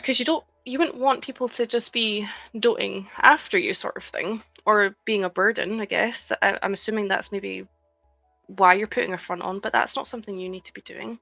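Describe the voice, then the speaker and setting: Woman, thirties, casual live-stream chat, bright gravelly voice, dry dull-sounding audio, faint background music. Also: mid-range voice, no room sound. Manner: chatty, reads chat aloud, frequent "like". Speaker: livestreaming LEGO builder.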